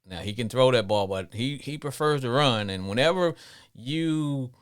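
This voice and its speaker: A man's voice: mid-range voice, expressive, clear, resonant tone. Chatty male sports radio host. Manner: chatty, drawn-out, repeats words while thinking. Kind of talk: casual sports talk.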